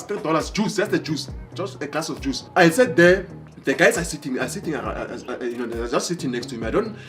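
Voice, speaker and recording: A man from Africa, telling a motivational story in an animated way, acting out dialogue and repeating phrases for emphasis. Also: a little high. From South Africa. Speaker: motivational speaker.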